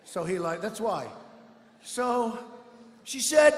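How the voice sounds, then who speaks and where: A man's voice: high voice, animated, slow pace, long pauses. Boastful man rambling through an echoing arena. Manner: boastful, rambling, mocking asides. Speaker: politician at a rally. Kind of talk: campaign rally speech. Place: large indoor arena. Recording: echoey arena with long reverb.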